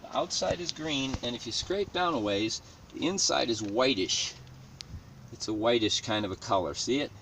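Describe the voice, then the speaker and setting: A man's voice: mid-range voice, expressive, normal speed. A man giving a casual, rambling how-to demonstration with plants outdoors, cracking jokes at his own expense. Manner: joking, rambling, self-mocking asides. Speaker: home gardener demonstrating plant cloning. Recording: distant mic with noisy outdoor background.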